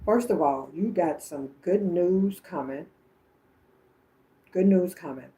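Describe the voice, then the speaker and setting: A woman's voice: lowish voice, slow pace, warm tone. A woman reading messages for viewers on a livestream, chatting and calling them by name. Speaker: psychic medium on a livestream.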